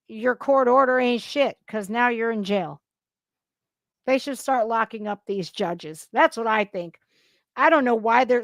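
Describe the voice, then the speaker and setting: Woman host, fairly high voice, blunt and fired-up, dry close mic. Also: dry recording. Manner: blunt, heated, swearing, with sudden outbursts. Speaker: political commentary host. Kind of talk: casual reaction commentary.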